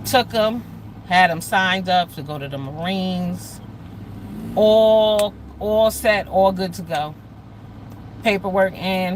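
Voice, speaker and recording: A woman talking bluntly and loudly with lots of swearing in a casual livestream rant, speaking straight to her chat. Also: lowish voice, a little fast, slight background noise, poor audio. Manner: blunt, loud and profane; addresses chat viewers directly. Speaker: live streamer.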